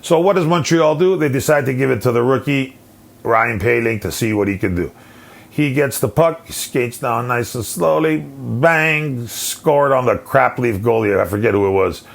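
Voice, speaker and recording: A male host delivering a solo rant as an animated, profane story. His voice has a gravelly edge at a middle pitch. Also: moderate pace. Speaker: podcast host.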